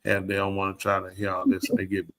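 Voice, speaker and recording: Bright-voiced, blunt male podcast host. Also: sits low, completely flat delivery, fast talker. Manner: blunt, opinionated ranting that addresses the room. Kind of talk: casual chat. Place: live show.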